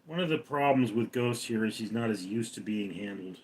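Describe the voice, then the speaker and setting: A man's voice: fairly low pitch, animated, fairly quick, a little mellow, slightly rough. A man hosting a casual live stream, reading viewers' comments aloud and answering them in a dry, self-deprecating way.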